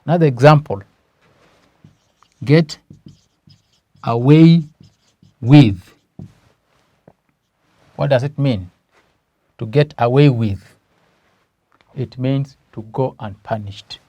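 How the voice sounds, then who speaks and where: A man's voice: mid-range voice, no room sound, muffled recording. A man with a Kenyan English accent teaching a grammar lesson, stressing key words and asking questions that he answers himself. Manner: slow, emphatic, asks questions then answers them.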